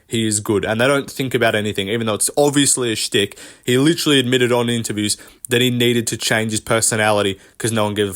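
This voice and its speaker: A man's voice: mid-range voice, a bit bright. Profane, rambling male vlogger. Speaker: MMA commentary vlogger. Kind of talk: casual commentary rant.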